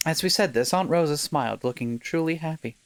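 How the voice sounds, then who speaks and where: A man's voice: a little high, fairly quick. A man co-hosting a let's play of a visual novel. He reads the game's text aloud and chats casually, stumbling over words now and then. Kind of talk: casual playthrough chat, reading game text aloud.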